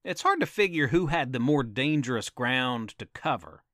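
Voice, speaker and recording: A man's voice: medium pitch, animated, moderate pace, a bit bright, no echo, studio quality. A man telling a campfire story as a podcast storyteller, dramatic and teasing, with asides to his listeners.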